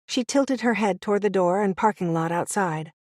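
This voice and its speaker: Woman, audiobook narration, first-person, middle pitch, dry close sound. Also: moderate pace, darkish tone, no room sound.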